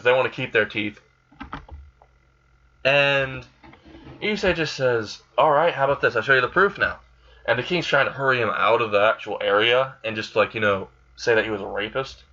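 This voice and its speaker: A man's voice: medium pitch, normal speed, pushed and bright. A man casually retelling a fan what-if story in a rambling, crude way. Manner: rambling, crude, laughs at his own plot. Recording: slightly dull recording with faint hiss.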